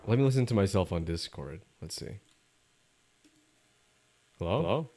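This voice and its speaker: A man's voice: low-pitched, lively intonation, unhurried, mellow, faint music behind. A young man casually playing through a game on a live stream, joking and reading character lines aloud into a desk mic. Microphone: desk mic with static.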